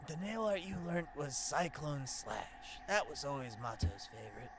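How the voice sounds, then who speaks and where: Man doing kindly old bug master, calm and measured, high and gravelly. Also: background noise. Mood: gentle. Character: gentle old male bug nailmaster, wistful and kind.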